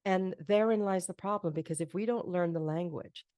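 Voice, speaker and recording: A woman's voice: on the low side, moderate pace, mellow, no room sound, clean studio sound. A middle-aged woman hosting an interview podcast, talking earnestly and affirmingly in long reflective runs. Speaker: podcast host. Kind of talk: casual interview chat.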